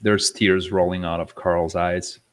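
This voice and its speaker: A man describing a tabletop game scene in a halting way, with many ums and pauses. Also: low voice, level tone. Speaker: player.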